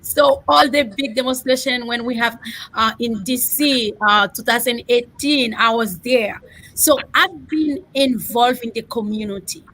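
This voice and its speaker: A middle-aged woman with a Haitian accent tells her story as a candidate, earnest and halting, with pauses and fillers. Her voice sits a little high, carried over a video call. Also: fairly bright tone, poor audio. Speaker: political candidate. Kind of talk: earnest personal account on a panel.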